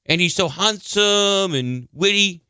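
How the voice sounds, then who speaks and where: A man putting on a swooning female fan with a hammy mock British accent. The voice is pushed higher and drawn out slowly. It sounds bright and dry. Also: lively intonation, clean tone, no echo, full character voice. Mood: gushing.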